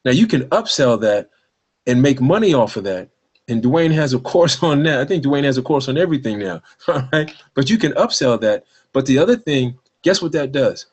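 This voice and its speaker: A man's voice: mid-range voice, slightly rough. Emphatic man giving sales training. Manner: emphatic, repeats points, asks "all right?". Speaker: network marketing trainer. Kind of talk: sales training talk on a call.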